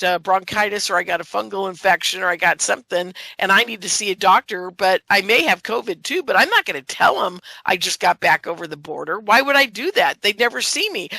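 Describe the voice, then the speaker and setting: An American woman in her sixties talks straight to her viewers in a rambling, indignant monologue. Her voice is gravelly and has a bright, sharp edge. The sound is dry and close, with no room around it. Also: medium pitch, no room sound, poor audio. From United States. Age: 60s. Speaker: show host. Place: California.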